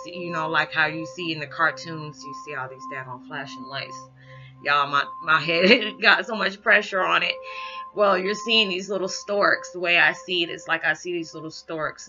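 Tearful woman giving a spiritual message. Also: low voice. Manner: halting, heartfelt, repeats "you know". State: holding back tears. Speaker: spiritual reader. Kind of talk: emotional spiritual message vlog. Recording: dull lo-fi sound with music behind. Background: background music.

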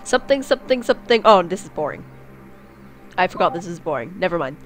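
A young woman doing a let's play of a text game reads aloud and makes crude, self-mocking jokes in a rambling way. Her lowish voice swings widely in pitch and moves fast, with faint music in the background.

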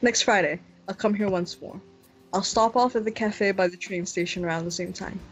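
A woman reads a cool, detached teenage heroine from a visual novel. She speaks curtly and matter-of-factly, in a mid-pitched voice. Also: moderate pace, soft background music, lightly acted, rough recording. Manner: curt, detached, matter-of-fact. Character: cool, curt teenage girl protagonist. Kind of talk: reading a visual novel aloud with friends.

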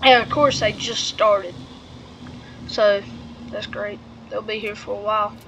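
A woman vlogging outdoors by a truck and trailer, rambling and halting with many fillers while she has the hiccups. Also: mid-range voice, steady tone, noisy background. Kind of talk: casual vlog narration.

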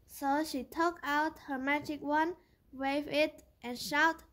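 Slow, high-voiced woman reading aloud. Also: steady tone, fairly bright tone. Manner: slow, careful reading with small slips. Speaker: storyteller on her channel. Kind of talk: children's picture book read-aloud.

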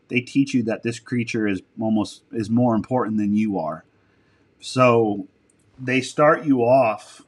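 A man with a somewhat low-pitched voice talking casually as a podcast guest. He rambles through long stories, drops casual swear words and restarts his sentences often. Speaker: podcast guest, military dog handler. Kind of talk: casual interview storytelling.

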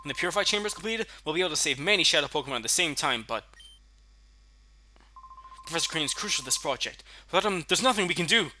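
A man reading out a worried male lab scientist in a quiet, subdued voice. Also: fairly high pitch, expressive, fast, a little hiss or hum, voice pushed down.

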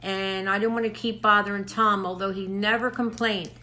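A woman's voice: medium pitch, little pitch movement, moderate pace, sharp tone. An older woman hosting a crafts channel, chatting to camera in a rambling way and a little out of breath. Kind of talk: casual chat to camera.

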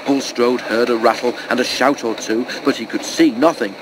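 A man reads a children's storybook aloud, steady and expressive. His voice sits at an ordinary middle pitch, with a faint hiss behind it. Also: moderate pace. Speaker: storybook reader.

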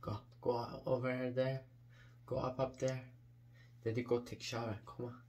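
A man's voice: mid-range voice, little pitch movement, normal speed, darkish tone. A man at home coaxing his pet bird in repetitive baby talk, asking the same questions over and over. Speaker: pet owner.

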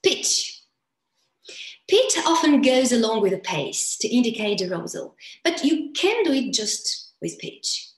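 Slow, deliberate woman coach in an echoey room. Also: medium pitch. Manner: slow, deliberate and expressive, with playful vocal demonstrations. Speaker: voice coach presenter. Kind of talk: presentation to coaches. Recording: roomy echo.

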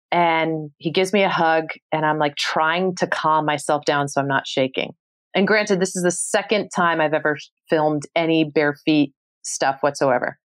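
A woman in her thirties from New York City, a podcast guest telling a story with expressive energy and casual swearing. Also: on the low side. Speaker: podcast guest, travel show host. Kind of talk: animated storytelling.

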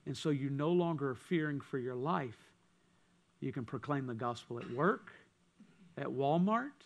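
A man preaching a sermon as pastor, swinging from loud passages to hushed ones. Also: mid-range voice, expressive, normal speed. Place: church.

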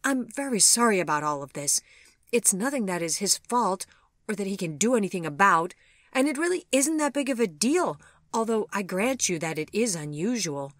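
A woman's voice: mid-range voice, expressive, normal speed, a bit bright, no room sound, clean studio sound, pitched above the performer's own voice, natural voice. A woman voicing a proud, composed mother who speaks firmly and reassuringly in a storybook reading. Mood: soothing. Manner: firm and reassuring.

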